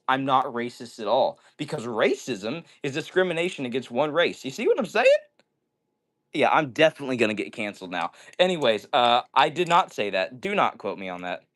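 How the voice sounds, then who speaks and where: A man with a medium-pitched, fairly bright voice hosts an easygoing indoor livestream chat, cracking jokes and reading viewer comments aloud.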